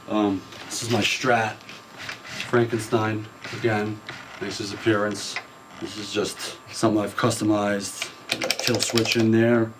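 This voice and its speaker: A man's voice: lowish voice, background noise. A man who plays guitar, casually showing off his gear in a blunt, laid-back way and swearing now and then. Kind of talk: casual show-and-tell about his gear.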